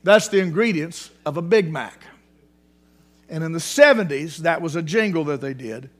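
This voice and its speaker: A male pastor delivers a sermon with a notably high voice for a man. He talks in an animated way, doubling back over words and stacking terms for emphasis. It is recorded in a church. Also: normal speed. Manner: animated, repeats words for emphasis, restarts often. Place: church sanctuary.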